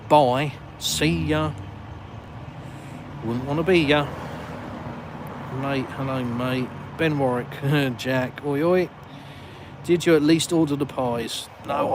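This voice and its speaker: A man with a southern English accent, hosting a live stream outdoors and chatting casually with viewers in a self-mocking way. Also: medium pitch. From England. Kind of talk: live stream chat, reading comments. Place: outdoors in a village, walking. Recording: noisy outdoor phone stream. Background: passing cars and street noise.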